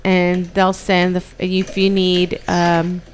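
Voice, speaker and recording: A woman's voice: fairly low pitch, monotone, takes it slowly, a little hiss or hum, rough recording. A woman in her thirties co-hosting a podcast, telling stories in casual chat with giggles. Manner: giggly, storytelling. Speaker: podcast co-host.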